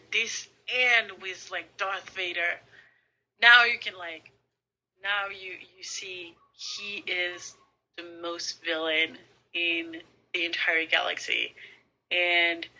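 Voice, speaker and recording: Slow, bright-voiced woman gushing about films. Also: on the low side, poor audio. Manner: enthusiastic, repeats "and" and "like". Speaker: podcast co-host. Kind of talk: casual fan chat.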